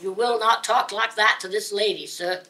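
A man's voice: sits high, fairly even intonation, normal speed, sharp tone. A woman voicing an earnest, courtly young man who is stiffly polite and keeps saying sir, in a told story. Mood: stern. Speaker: story character.

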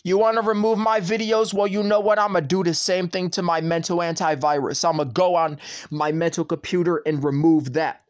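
A man's voice: sits high, fairly even intonation, brisk. A man ranting to camera in a vlog, repeating himself, swearing and addressing the platform directly. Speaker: channel owner.

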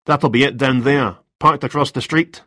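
A man's voice: medium pitch, steady tone, normal speed, sharp tone, no room sound, studio quality, pitched above the performer's own voice. A man voicing a cold, polite detective. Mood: probing. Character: cool, formal male police detective. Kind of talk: storybook reading.

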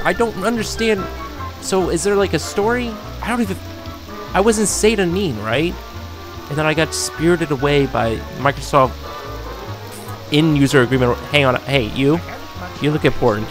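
Excitable man riffing over game music. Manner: excitable, riffing, sudden jumps in pitch. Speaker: gaming YouTuber. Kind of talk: let's-play commentary.

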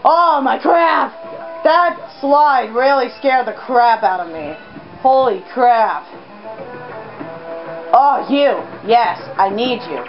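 Woman, let's play commentary, excitable, unhurried delivery, muffled lo-fi audio. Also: on the high side. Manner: jumpy, exclaiming, chatters to the character on screen. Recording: dull lo-fi recording with game music.

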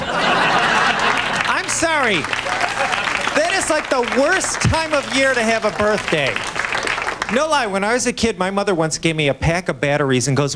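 A man from Buffalo, New York, doing a stand-up comedy set on a TV stage, with a lively, punchy delivery and quick voiced impressions of his family. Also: high-pitched, over a noisy crowd. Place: comedy club stage on a TV show with a live audience. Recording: loud audience laughter and noise.

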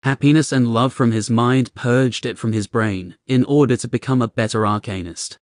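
A man's voice: medium pitch, fairly even intonation, normal speed, a little mellow, lightly acted. A man voicing a cocky young male apprentice who teases and boasts, from an audiobook reading. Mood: teasing. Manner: teasing, boastful.

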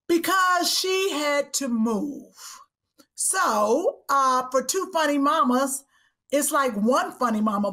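A woman co-hosting a comedy podcast, loud and playful, bursting into shouts. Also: high voice. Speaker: podcast co-host. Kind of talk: casual comedic chat.

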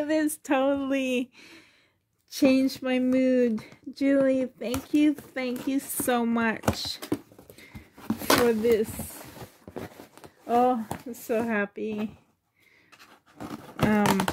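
A woman's voice: high voice, fairly even intonation, extremely slow, pauses often, a little mellow, a little hiss or hum. A woman doll collector in a casual unboxing vlog, gushing and emotional, often laughing and sighing, talking on the floor at home.

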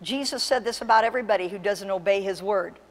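A woman pastor preaching a sermon with impassioned, emphatic delivery that surges to loud peaks. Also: medium pitch, fast talker, long reverb tail. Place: church sanctuary.

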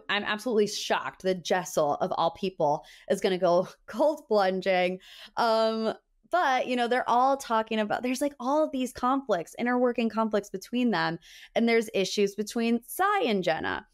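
A young adult woman hosting a podcast, recapping reality TV in a chatty, animated way full of gossipy asides. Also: on the high side, normal speed. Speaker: podcast host. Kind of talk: casual pop-culture recap.

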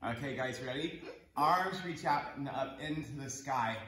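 Guy teaching kids yoga at home, slow easy pace, roomy echo, lots of encouragement. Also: mid-range voice, a bit bright. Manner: encouraging and playful, counts breaths. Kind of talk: guiding a kids yoga class. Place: home room.

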